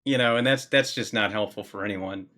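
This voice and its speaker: Guy podcast host, kinda low but bright voice, explains stuff calmly. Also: brisk. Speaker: podcast host and film director. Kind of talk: casual podcast chat.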